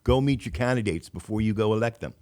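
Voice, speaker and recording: Male radio host, low voice, casual stumbling chat. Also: quick pace, a little mellow. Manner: chatty, stumbling restarts.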